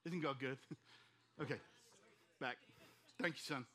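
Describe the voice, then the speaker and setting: A middle-aged man preaching as a pastor, telling a story animatedly and acting out rapid back-and-forth dialogue. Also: medium pitch, a bit bright. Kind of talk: storytelling sermon.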